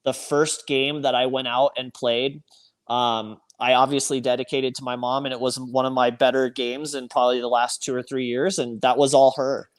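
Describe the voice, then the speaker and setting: A man's voice: mid-range voice, little pitch movement, normal speed. A man speaking as a podcast guest, talking earnestly and reflectively with frequent restarts. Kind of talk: reflective conversation.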